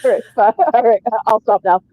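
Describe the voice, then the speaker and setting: A woman's voice: fairly high pitch, fairly quick, mellow. A woman joining a casual livestream chat, teasing and bantering playfully. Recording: slightly dull lo-fi sound.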